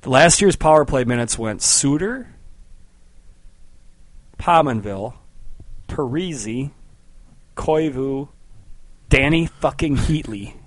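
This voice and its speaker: Podcast host, male, mid-pitched, joking and profane, tight dry studio sound. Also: takes it slowly, pauses often, no echo. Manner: animated, joking, swears freely. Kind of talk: casual sports chat.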